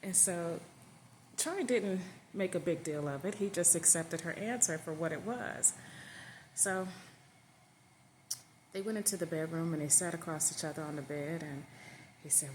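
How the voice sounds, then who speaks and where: Woman casually telling a story, kinda low voice, hissy recording. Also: normal speed, long pauses.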